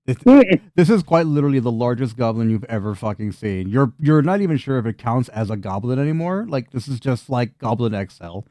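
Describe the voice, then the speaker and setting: A man's voice: mid-range voice, lively intonation, brisk, dark tone, no room sound. Give me a young man running a tabletop game, joking and swearing, in a dry room. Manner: casual, profane, joking. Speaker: game master.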